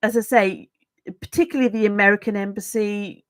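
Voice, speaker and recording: Speaking at a medium pitch with fairly even intonation, this woman talks briskly on a dry recording. She's a middle-aged YouTube host from England with a Brummie accent, chatting to her livestream viewers in a relaxed, self-mocking way.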